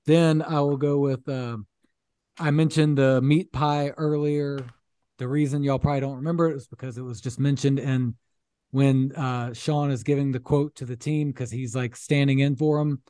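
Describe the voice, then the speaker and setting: A man's voice: medium pitch, steady tone, normal speed, warm tone, clean tone, dry recording. Male podcast co-host, casual, rambling, dead-dry sound. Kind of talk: casual film podcast chat.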